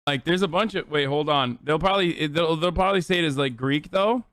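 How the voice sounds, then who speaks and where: A man in his thirties streaming live, reacting loudly to clips and chat with lots of swearing. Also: fairly high pitch, fast talker, dry recording, studio quality. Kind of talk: casual live-stream commentary.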